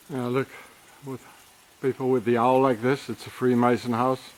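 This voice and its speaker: A man excitedly pointing things out as he walks, talking in a rambling, conspiratorial way outdoors. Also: mid-range voice, moderate pace, hardly any pauses, background noise. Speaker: vlogger. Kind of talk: rambling walking commentary.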